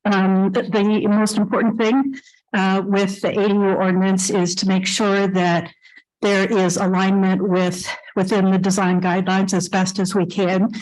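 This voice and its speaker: A woman on the council giving measured remarks at a public meeting, with many fillers. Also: mid-range voice, little pitch movement, a little mellow, rough recording.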